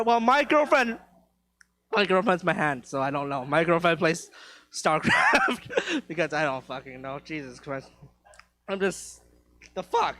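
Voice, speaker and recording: A young male comedian with a notably high voice rants on a comedy club stage. He swears freely, stammers and restarts, and runs himself down throughout the set. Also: huge pitch swings, a little slow, bright, forceful tone. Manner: profane, stammering, self-deprecating rant. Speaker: stand-up comedian. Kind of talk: rambling stand-up set.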